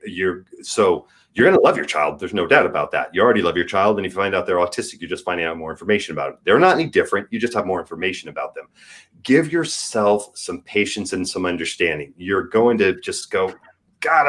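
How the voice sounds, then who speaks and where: A man's voice: low voice, a bit bright. A man in his forties, a podcast guest, talking candidly and earnestly and giving advice in casual chat. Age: 40s.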